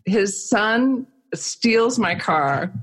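A woman's voice: medium pitch, animated, extremely slow, slightly rough. A middle-aged woman telling a frank personal story in casual conversation, self-mocking and acting out what people said. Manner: frank, self-mocking, with frequent laughs and acted-out quotes.

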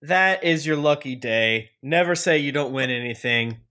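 A man's voice: fairly high pitch, pushed and bright. A man hosting a game podcast, rambling and joking through an ad read and the outro. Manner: joking, rambling, quick bursts. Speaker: podcast host. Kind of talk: casual podcast chat and ad read.

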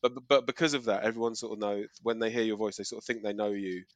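A man's voice: on the low side, steady tone, fast, no room sound. A middle-aged man from Kent with a South East English accent, chatting casually and rambling through a story with fillers and restarts. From Kent, South East England. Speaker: podcast co-host. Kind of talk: casual chat. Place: living in Australia.

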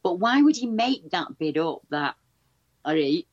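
A woman, a guest researcher retelling stories in a chatty, animated way with many restarts. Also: lowish voice, measured pace, slightly rough, muffled recording. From England. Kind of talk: casual storytelling over a call.

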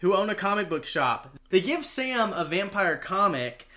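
A man's voice: sits high, very animated, moderate pace, bright, forceful tone. A man co-hosting a casual podcast, retelling a movie plot with wry offhand asides. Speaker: podcast co-host.

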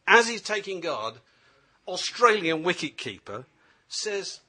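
Lively bright-voiced male host. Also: sits high, fairly quick, husky. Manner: animated storyteller, often laughing. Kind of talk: casual chat.

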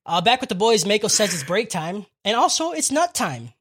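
A man's voice: sits high, big pitch swings, a bit bright, slight background noise. A young man casually recapping an anime episode on a podcast, swearing freely and laughing often. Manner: profane, fast storytelling, laughs often. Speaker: podcast co-host.

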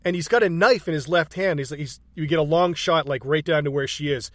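A man's voice: a little high, brisk, dry recording. A man in casual chat, retelling a film's scenes with swearing and frequent laughter. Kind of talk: casual movie recap chat.

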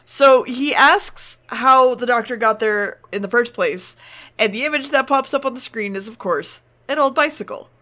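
A woman's voice: fairly high pitch, normal speed, bright, forceful tone. A woman co-hosting a podcast, chatting casually as she recaps an episode, laughing and swearing now and then. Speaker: podcast co-host.

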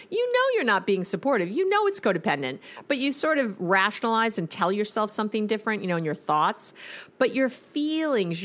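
Middle-aged woman, therapist and podcast host, casual advice monologue, animated when quoting. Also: medium pitch. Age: middle-aged or older. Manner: conversational, lists words slowly, quotes clients animatedly.

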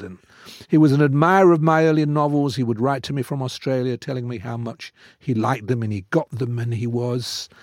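A man's voice: medium pitch, no room sound. Older male author, theatrical raconteur, close studio mic, very dry. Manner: animated, theatrical storyteller. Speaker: author guest. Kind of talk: conversational storytelling. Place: radio studio.

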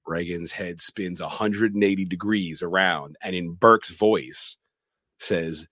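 A man's voice: deep voice, a little slow, a bit bright, dry recording, clean studio sound. A man co-hosting a podcast, recapping a horror film scene by scene in a casual way. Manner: retells scenes plainly, acts out quoted lines. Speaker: podcast co-host.

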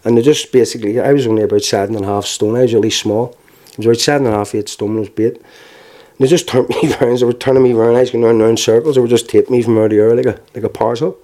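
Man, Northern Irish Belfast accent, mellow dark voice, halting testimony, wry laughs. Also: mid-range voice, fairly even intonation. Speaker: interviewee. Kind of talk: personal testimony.

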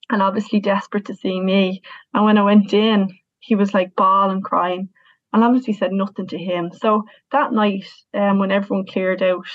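A woman's voice: medium pitch, no echo. A woman in her thirties with an Irish accent, telling a personal story in an earnest, emotional way with frequent restarts. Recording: tinny, dry phone-like sound.

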